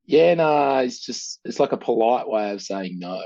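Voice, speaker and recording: A man's voice: medium pitch, lively intonation, moderate pace, warm tone, highs cut off. An Australian man chatting as a podcast guest, laid-back and drawling, laughing easily. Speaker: podcast guest, deep-sea researcher. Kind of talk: casual chat.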